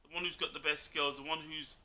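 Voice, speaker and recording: A man's voice: on the high side, level tone, fast, bright, forceful tone, slight background noise. A man arguing about football in a casual chat, bluntly, calling the other speaker mate over and over. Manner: blunt, argumentative, says "mate" constantly. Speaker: co-host, Liverpool fan.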